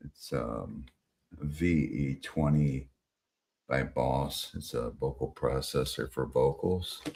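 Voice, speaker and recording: A man's voice: extremely low pitch, a little hiss or hum. A man hosting a live stream, chatting casually and rambling with many fillers and casual swearing.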